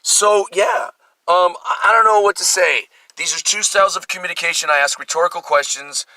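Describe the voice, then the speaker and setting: Vlogger, male, East Coast American accent; nervy, over-caffeinated monologue in a sharp, tense tone, recorded dry and close. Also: high voice, dry recording, poor audio. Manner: fast, hyped and ranting, with sudden loud bursts. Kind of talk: rambling self-analytic monologue.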